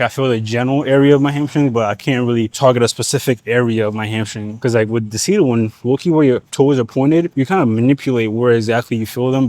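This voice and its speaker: A young man explaining leg exercises in a gym, in relaxed slangy talk, at times out of breath. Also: mid-range voice, no echo. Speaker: fitness vlogger. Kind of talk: casual gym coaching vlog.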